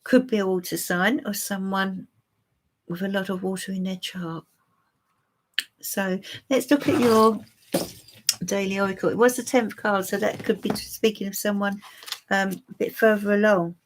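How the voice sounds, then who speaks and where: A woman's voice: medium pitch, steady tone, normal speed, pauses often, noisy background. A woman giving a live-stream tarot reading for viewers, musing and hesitant with many fillers. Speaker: tarot reader.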